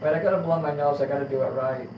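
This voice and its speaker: A man hosting a casual late-night livestream, rambling and crude, dropping to mutters and then rising into loud rants. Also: fairly high pitch, steady tone, rapid-fire, highs cut off, a little hiss or hum. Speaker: livestream host.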